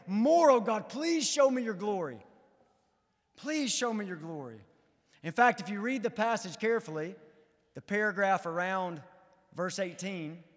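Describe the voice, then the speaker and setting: A man preaching a sermon in a high, light voice, his words ringing out with a long reverb through a church sanctuary. He moves from earnest, rising emphasis to hushed, searching appeals to the congregation. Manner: earnest, building to fervent emphasis then dropping low. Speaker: pastor.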